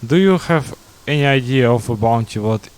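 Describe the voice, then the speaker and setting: A man's voice: medium pitch, expressive, moderate pace, darkish tone, natural voice. A man reading out a scheming female witch in a plain voice. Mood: demanding.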